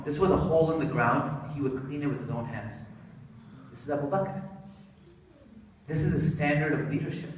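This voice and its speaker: Preacher, man, fairly high voice, storytelling sermon, captured far off in a big reverberant hall. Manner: lively, rising emphasis, asks the audience. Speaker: speaker at an Islamic center. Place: large hall of an Islamic center. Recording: echoey hall, distant mic, faint noise.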